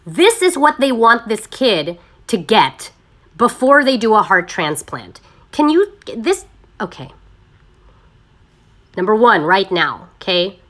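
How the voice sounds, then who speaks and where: A woman hosting a casual live stream on her phone, talking in an animated, sarcastic way and mimicking other people's voices. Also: mid-range voice, takes it slowly, pauses often. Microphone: phone camera.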